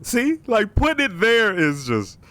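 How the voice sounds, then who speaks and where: A man's voice: high voice, huge pitch swings, measured pace, bright, forceful tone. A man hosting a reaction video, talking casually in slang and laughing often as he comments.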